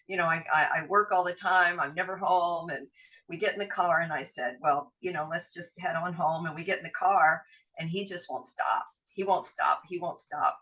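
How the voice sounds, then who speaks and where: A woman's voice: fairly low pitch, moderate pace, a bit bright, far from the mic, highs cut off. A middle-aged woman, a podcast guest, telling a frank personal story in vivid detail, acting out what people said and swearing now and then. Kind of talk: emotional personal storytelling in an interview.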